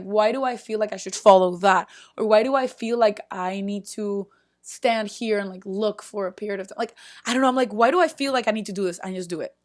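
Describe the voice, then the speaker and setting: A young woman vlogging, casually telling a story with many "like"s and sudden loud bursts of disbelief. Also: medium pitch. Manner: frequent filler "like" and restarts, chatty.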